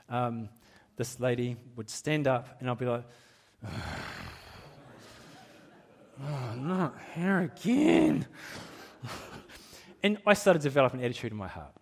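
A man's voice: mid-range voice, fast talker, hardly any pauses. A middle-aged man preaching a sermon in a church, candid and self-deprecating, laughing at himself and often restarting his sentences. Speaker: pastor.

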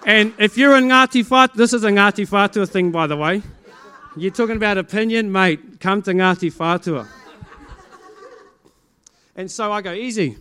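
A middle-aged man from New Zealand with a New Zealand accent, a pastor telling a testimony to his congregation in a lively way, acting out the dialogue and breaking into loud exclamations. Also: high voice, moderate pace, long pauses.

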